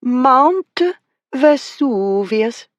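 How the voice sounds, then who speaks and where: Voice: high voice, animated, extremely slow, no room sound, dull audio, voice pushed up, heavily acted. A narrator putting on a playful young lady in a mock accent. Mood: mock-grand. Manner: exaggerated mock Italian and French accents.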